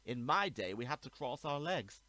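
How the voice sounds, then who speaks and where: A man voicing a pompous, booming older male senior barrister who sounds loud and scornful. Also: expressive, normal speed, dry recording.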